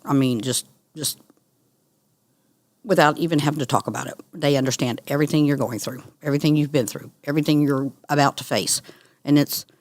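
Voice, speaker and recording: A woman's voice: extremely low pitch, a little mellow, dry recording. Earnest woman telling her story. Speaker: guest, cancer survivor. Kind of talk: conversational interview.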